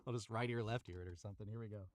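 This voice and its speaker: A fast-talking man with a fairly low, fairly even voice reads a story on a live stream from a cramped booth, with no room sound. He's a voice actor who chats with viewers and redoes any line he trips over.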